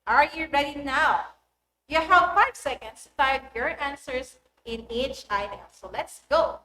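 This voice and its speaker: A woman teaching an online English lesson, speaking in a clear and deliberate instructive manner. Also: high-pitched, sharp tone. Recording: echoey room with faint noise.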